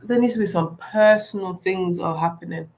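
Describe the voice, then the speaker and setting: A woman's voice: on the low side, normal speed, darkish tone. A young woman ranting bluntly and with animation, delivering solo wrestling commentary. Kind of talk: opinionated solo rant.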